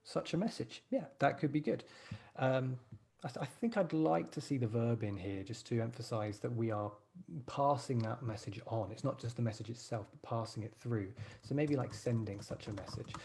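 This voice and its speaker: A man's voice: mid-range voice, normal speed, vocal fry, darkish tone. A man teaching a live writing class, encouraging his students and thinking aloud as he types.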